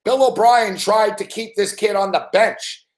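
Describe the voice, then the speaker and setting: A man's voice: high voice, unhurried. A man giving a live sports betting rant, profane and exasperated.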